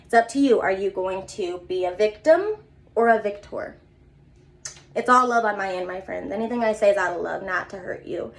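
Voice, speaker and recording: A woman's voice: medium pitch, normal speed. A young woman giving an earnest, rambling motivational talk to her viewers in a casual vlog. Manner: earnest, rambling, repeats herself. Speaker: vlogger.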